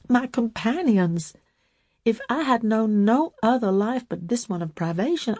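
A woman voicing a quiet, firm young woman in a storybook reading, speaking low but clearly. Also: no echo, clean studio sound.

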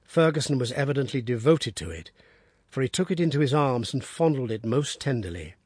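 A man narrating an audiobook with expressive, steady storytelling. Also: medium pitch, fairly quick, slightly rough, no room sound, studio quality. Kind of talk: scripted narration.

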